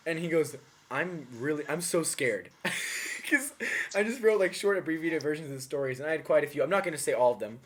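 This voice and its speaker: A man's voice: a little high, expressive, fast talker. A young man co-hosting a podcast, joking, laughing often and acting out voices while telling stories. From grew up abroad as a third culture kid. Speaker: podcast co-host. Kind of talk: casual chat.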